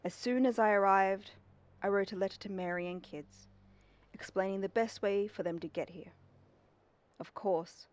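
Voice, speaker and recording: Game diary: a woman reading an old sea captain's lines, slow and plain. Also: mid-range voice, fairly even intonation, close to an everyday voice. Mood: wistful. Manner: slow read-aloud diary narration. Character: old male sea captain, lighthouse keeper writing diary.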